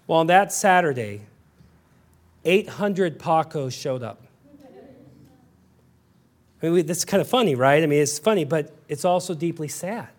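High-voiced pastor preaching with rising fervor. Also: male voice, animated, quick pace, hardly any pauses. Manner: builds to loud fervent emphasis, with frequent restarts; acts out his daughter's voice in stories. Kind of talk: sermon.

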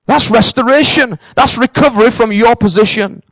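A man's voice: high-pitched, normal speed, fairly bright tone, no room sound, rough recording. A man with a Northern English accent preaching a sermon to his congregation in an earnest, direct way, often repeating himself for emphasis. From northern England. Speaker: pastor. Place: church in Cambridge.

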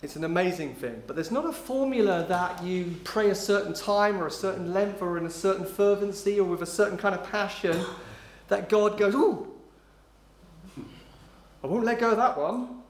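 A male preacher with a high voice delivers a sermon with emphasis. He stretches out key phrases and sinks low and soft for quotes. The sound carries a roomy echo from a church hall. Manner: emphatic, slowing down on key phrases, dropping low and quiet when quoting.

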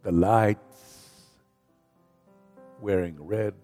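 A man preaching a sermon as pastor, slow and emphatic, leading the congregation in call-and-response and rising in volume on scripture. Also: lowish voice, steady tone, warm tone. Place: church sanctuary. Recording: reverberant hall with faint music.

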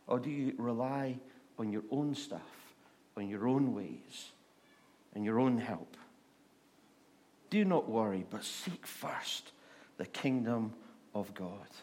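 A man preaching a sermon, repeating rhetorical questions and slowing down to stress words. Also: mid-range voice, warm tone.

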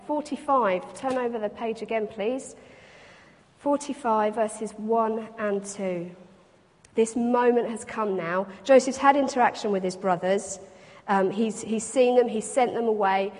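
A woman's voice: a little high, darkish tone. A woman preaching a reflective sermon, reading scripture aloud and explaining it to a congregation. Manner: reflective, reads scripture aloud then expounds. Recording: long hall reverb.

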